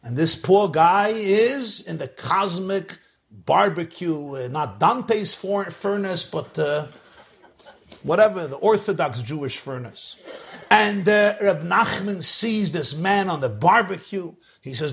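A man preaching in a lively, fairly high voice whose pitch leaps and dips all through. He tells parables with animated energy, now and then flinging his voice up into shouts as he acts out a scene. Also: a little slow. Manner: animated, swoops up to shouted cries when acting out scenes. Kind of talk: storytelling sermon.

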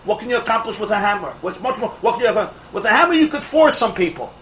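Guy with a high voice teaching a torah class, lots of jokes and parables, faint hiss behind. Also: rapid-fire, poor audio. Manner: animated storyteller, rhetorical questions, laughs at his own jokes. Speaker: religious teacher.

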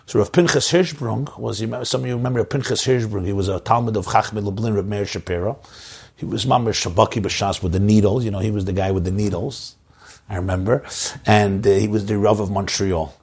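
A man who is a rabbi, giving an inspirational Torah talk to community leaders with an impassioned delivery that leaps up in pitch for emphasis. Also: fairly even intonation, a little fast, vocal fry, darkish tone, breathy edge.

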